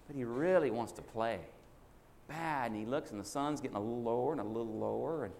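A man's voice: mid-range voice, fairly quick, gravelly, darkish tone. Folksy man preaching in an echoey hall. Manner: folksy, acts out child and father voices in a story. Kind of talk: sermon storytelling. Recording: echoey hall with faint hiss.

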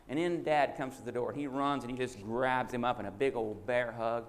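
A man's voice: mid-range voice, a little fast, hardly any pauses. A man preaching a sermon as a folksy story. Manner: folksy, acts out child and father voices in a story. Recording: echoey hall with faint hiss.

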